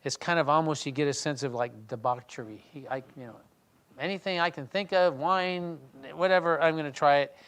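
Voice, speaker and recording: A man leading a Bible study, reading scripture aloud and then talking it through in a conversational way, often restarting and clearing his throat. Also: on the high side, a little fast, a bit bright. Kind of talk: reading scripture and discussing it in a small group.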